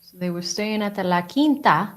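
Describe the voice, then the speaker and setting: A woman's voice: mid-range voice, lively intonation, moderate pace. Chatty woman streamer commenting live. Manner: chatty, laughs often, talks to viewers. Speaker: livestream commentator.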